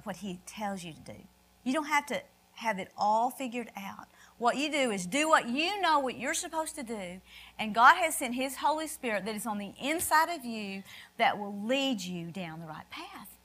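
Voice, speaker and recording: A woman's voice: fairly high pitch, a bit bright. A woman preaching a sermon, emphatic, asking questions of her listeners and answering them.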